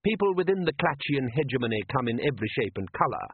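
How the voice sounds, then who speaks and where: A man voicing a cunning, aloof male ruler who speaks slowly and with dry irony in a spoken story. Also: mid-range voice, big pitch swings, slight background noise. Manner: measured, ironic, slow and deliberate. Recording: dry, tinny phone-like sound.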